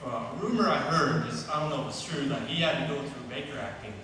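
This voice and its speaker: Male audience member, halting questioner, echoey hall recorded from far off. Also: mid-range voice, animated, noisy background. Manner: hesitant, rambling with fillers. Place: large convention hall. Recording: echoey hall, voice heard from afar.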